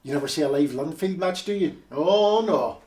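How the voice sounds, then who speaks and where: A man playing a blustering, sarcastic Belfast husband with a Belfast accent. His voice sits a bit high and carries from a distance through an echoey room. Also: expressive, moderate pace, darkish tone, close to an everyday voice. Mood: ranting. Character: staunch loyalist Belfast husband, Jimmy, dramatic and blustering. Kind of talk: film drama acting. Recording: roomy audio from a distance.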